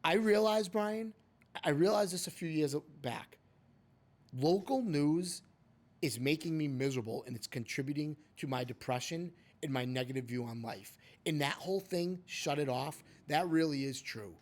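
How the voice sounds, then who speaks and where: A man's voice: a little high, moderate pace. Opinionated male podcast host. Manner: opinionated and emphatic, often addresses his co-host by name. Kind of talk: casual podcast chat.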